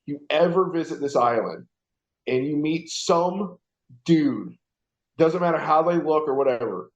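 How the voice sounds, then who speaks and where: A man's voice: a little high, expressive, a little slow. A man hosting a radio show, ranting casually and profanely, laughing and mimicking people. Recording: roomy, dull lo-fi sound.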